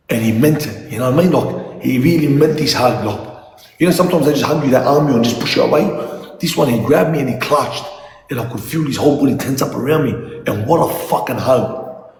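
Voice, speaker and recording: A middle-aged man telling animated, sweary stories about his kids to viewers in a casual chat. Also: medium pitch, fairly quick. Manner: animated, swearing, laughing asides. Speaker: father talking to viewers. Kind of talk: casual storytelling livestream. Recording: echoey room with long reverb, faint noise.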